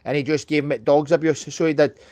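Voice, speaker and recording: A middle-aged Scottish man hosting a live stream, telling a rambling story fast and swearing freely. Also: on the high side, flat delivery, a little mellow, no room sound. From Scotland. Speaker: livestream host. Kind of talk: casual chat on a live stream.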